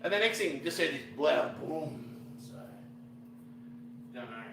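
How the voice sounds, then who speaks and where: A man's voice: a little high, very animated, unhurried, gravelly, roomy sound, background noise. A middle-aged Australian man chatting casually on a livestream while cooking, rambling and greeting viewers with slang. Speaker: fishing vlogger cooking on a livestream.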